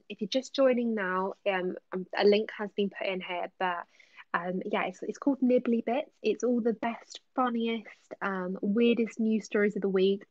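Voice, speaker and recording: A woman who makes ASMR content answers her viewers' questions during a casual live stream, chatting with plenty of ums and slipping into whispers. Her voice is mid-range with a darkish tone, and the recording is dry and muffled.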